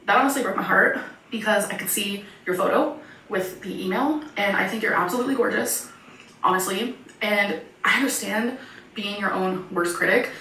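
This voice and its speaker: A woman's voice: mid-range voice, moderate pace, bright, forceful tone. A woman YouTuber reading viewer confessions aloud in a chatty way with giggly asides. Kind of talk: reading messages aloud, casual chat. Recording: echoey room, far from mic, faint hiss.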